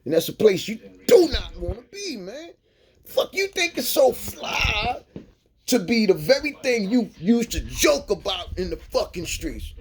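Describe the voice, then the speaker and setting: A man's voice: high voice, very animated, measured pace. A middle-aged man speaking in a profane, impassioned monologue, preaching to viewers in street slang and tagging lines with "man" and "you dig". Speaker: vlogger.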